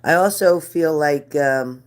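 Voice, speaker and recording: A woman's voice: sits low, takes it slowly. A middle-aged woman reading spirit cards live for viewers, chatty and earnest, repeating their names. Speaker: card reader.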